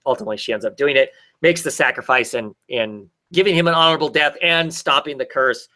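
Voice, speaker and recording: A man's voice: mid-range voice, quick pace, bright, forceful tone. A man in a casual chat, rambling through a comic story with lots of fillers and restarts. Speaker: podcast co-host.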